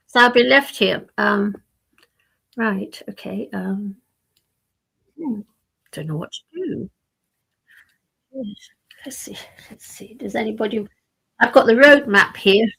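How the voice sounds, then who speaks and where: A woman's voice: mid-range voice, slow pace, creaky, pauses often, a bit bright, husky. An older woman hosting a live stream, chatting casually and rambling to herself while she waits for others.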